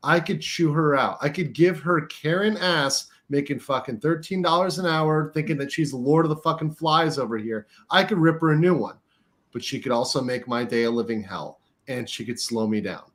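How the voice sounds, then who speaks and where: A man's voice: a little high, moderate pace, a bit bright. A man from the United States in a casual chat, rambling with many fillers, swearing often and keeps checking in with "right?". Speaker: co-host.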